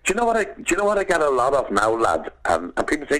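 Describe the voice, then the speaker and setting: A man with a Liverpool accent, an actor chatting and telling lively stories, acting out other voices and calling people "lad". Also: on the high side, very fast, few pauses, rough recording. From England. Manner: animated storyteller, acts out voices, says "lad". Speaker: actor and guest. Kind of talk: casual chat, storytelling.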